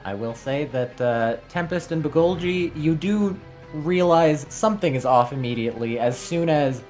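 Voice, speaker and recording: A woman narrating as game master of a tabletop game, halting and restarting her phrases as she explains. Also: low voice, animated, darkish tone, faint music behind.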